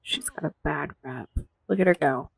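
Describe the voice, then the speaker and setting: A woman commentating casually on her own gameplay, gasping and voicing the characters in quick asides. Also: low-pitched, gravelly, husky, rough recording. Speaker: gameplay streamer. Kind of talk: casual let's-play commentary.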